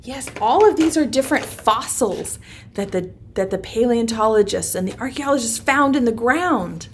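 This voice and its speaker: A woman teaching a virtual preschool circle time, speaking in a slow, sing-song, encouraging way to young children. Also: fairly high pitch, expressive, a little hiss or hum.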